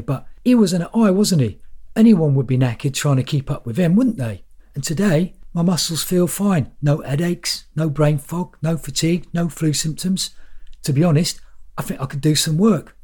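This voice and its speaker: A man's voice: fairly high pitch, a little mellow, breathy edge, voice pushed up. A man voicing a chatty, hopeful friend with a casual, coaxing manner in an audiobook. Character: cheerful hopeful British man, the narrator's friend.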